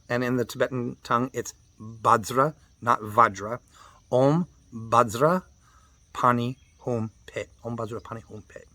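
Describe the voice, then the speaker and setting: A man teaching mantra practice, patiently explaining and spelling out pronunciations, chanting the syllables slowly, with loose fillers and restarts. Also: mid-range voice, fairly bright tone, dry recording. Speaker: meditation teacher.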